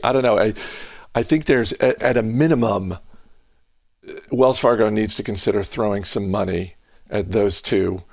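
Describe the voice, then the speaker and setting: A man's voice: fairly low pitch, creaky, a little mellow, dry recording, studio quality. A man hosting a podcast, chatting casually and restarting his sentences often. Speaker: podcast host.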